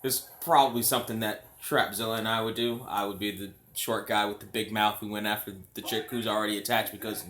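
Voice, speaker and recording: A man giving casual live-stream commentary, excitable and profane, chatting to his viewers. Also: lowish voice, a little fast, few pauses, slight background noise. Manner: excitable, profane, talks to chat. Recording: roomy echo.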